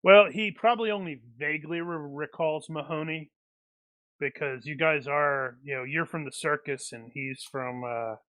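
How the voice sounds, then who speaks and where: A man chats as a player at a tabletop game, cracking jokes between rules talk. His voice is bright and slightly higher, recorded dry and close with no room sound. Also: moderate pace, no echo. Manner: joking, chatty asides. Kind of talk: casual game table chat.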